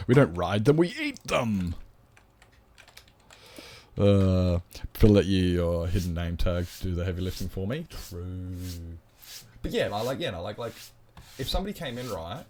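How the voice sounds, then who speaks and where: This Australian gamer's voice sits low and a little mellow, sing-song and unhurried, with frequent pauses. On his casual live stream he rambles to viewers, blunt and swearing as he plays.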